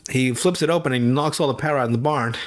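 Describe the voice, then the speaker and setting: Profane, laughing man recapping a cartoon. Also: mid-range voice. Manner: profane, laughing storyteller who slips into quick character voices. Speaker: podcast host. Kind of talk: casual podcast chat.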